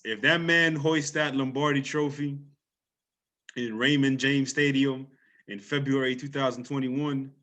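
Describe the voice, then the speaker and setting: A man hosting a casual sports talk show, talking in an energetic, loose way with frequent restarts and an island lilt under his broadcast voice. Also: mid-range voice, unhurried. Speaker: podcast host.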